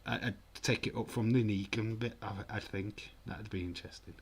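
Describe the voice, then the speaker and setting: A man's voice: fairly low pitch, fairly even intonation, moderate pace, breathy edge. A man streaming a live football watch-along, chatting casually and rambling with frequent restarts. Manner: rambling, self-correcting, chatty.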